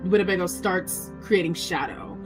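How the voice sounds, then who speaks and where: A woman playing in a tabletop game, speaking in a halting way and correcting herself as she goes. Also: on the low side, over music. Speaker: player. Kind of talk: casual tabletop play.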